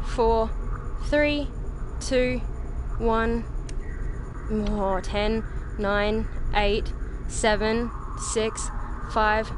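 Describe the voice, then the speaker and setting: A woman's voice: fairly high pitch, noisy background. Jumpy woman streaming a horror game. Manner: jumpy, yelps and shrieks, counts aloud. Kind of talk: live-streamed VR horror gameplay commentary. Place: home room.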